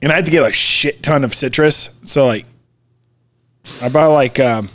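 A man's voice: medium pitch, normal speed, a bit bright. A man, co-hosting a casual chat and rambling through stories with frequent laughs. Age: 30s. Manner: rambling storyteller, laughs often, swears. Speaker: podcast co-host, bar owner.

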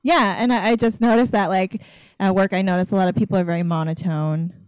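A woman's voice: medium pitch, fairly even intonation, darkish tone, clear, resonant tone, no room sound. A cheerful woman co-hosting a casual podcast, talking with a smile and frequent restarts. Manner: cheerful, smiling, halting restarts. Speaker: podcast co-host. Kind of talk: casual chat.

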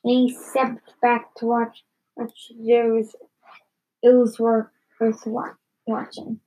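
A woman reading a children's story aloud in a halting way, often stumbling and repeating words. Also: fairly high pitch, completely flat delivery, warm tone, rough recording. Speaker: reader.

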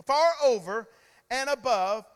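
A man preaching a sermon, calling on the congregation to repeat after him, swinging between loud emphatic bursts and quiet asides. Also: very high-pitched, expressive, slow pace, clean tone. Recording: long reverb of a large hall.

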